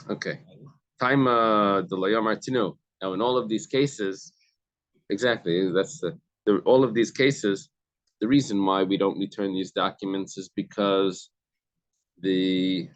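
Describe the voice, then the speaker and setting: A man with a low voice leads a Talmud study group, reading a passage and then explaining it in plain words. He pauses and restarts often, and the sound is close and dry with no echo.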